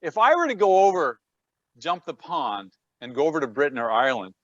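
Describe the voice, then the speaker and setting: A man's voice: a little high, big pitch swings, fairly quick, fairly bright tone, no room sound. Canadian guy chatting from his home gym, dry sound, a bit dull like a video call. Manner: chatty, self-deprecating, repeats words at starts. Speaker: guest, personal trainer. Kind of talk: casual conversation.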